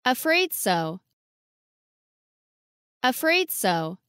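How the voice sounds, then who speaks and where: A woman's voice: a little high, big pitch swings, very slow, a bit bright, dry recording, studio quality. A woman reading short English phrases for learners, enunciating each one carefully and saying it twice. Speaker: English model reader.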